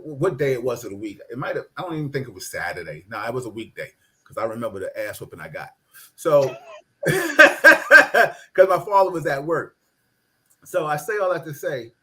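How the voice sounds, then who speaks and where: A middle-aged man telling a childhood story in casual chat, laughing often and acting out the voices of the people in it. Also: mid-range voice. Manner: animated, laughing, acts out voices in his story.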